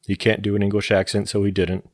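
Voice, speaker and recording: A man co-hosting a film podcast, first reading a plot summary in a steady, measured way, then chatting casually. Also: fairly low pitch, dry recording, studio quality. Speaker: podcast co-host.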